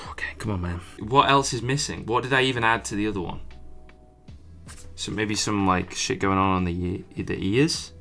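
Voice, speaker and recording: Bright-voiced young man drawing. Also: fairly low pitch, normal speed, faint music behind. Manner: chatty, swears often, frustrated muttering. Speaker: artist streamer. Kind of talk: casual drawing commentary.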